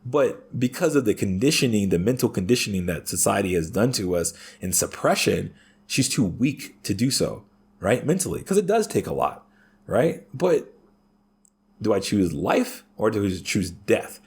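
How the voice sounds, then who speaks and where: Guy on a podcast going off, swearing a ton, husky voice, keeps saying right?. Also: lowish voice, very animated, normal speed, a little mellow. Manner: profane, ranting, tags sentences with "right?". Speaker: podcast guest. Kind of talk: casual podcast conversation.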